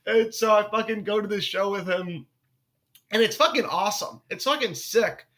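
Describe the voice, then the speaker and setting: Young male comic, high bright voice, animated storyteller, swears freely. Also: normal speed. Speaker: comedian guest. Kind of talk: casual podcast chat.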